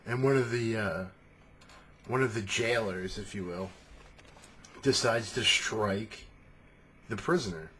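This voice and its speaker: A man's voice: lowish voice, slow, pauses often, fairly bright tone, a little hiss or hum. A man rambling casually and swearing freely as he talks about tabletop role-playing. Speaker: tabletop game talker. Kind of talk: casual monologue.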